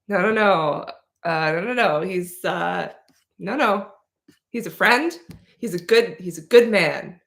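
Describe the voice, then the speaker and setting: A woman's voice: deep voice, a bit bright, echoey room. A woman hosting a casual livestream Q&A, rambling and playful with lots of fillers and restarts. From Slavic heritage. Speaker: livestream host answering questions.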